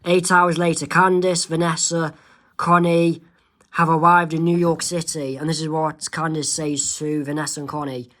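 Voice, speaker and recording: Man haltingly reading his comic aloud. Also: on the high side, level tone, fairly bright tone. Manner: halting, with fillers and self-corrections. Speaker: amateur comic artist, channel host.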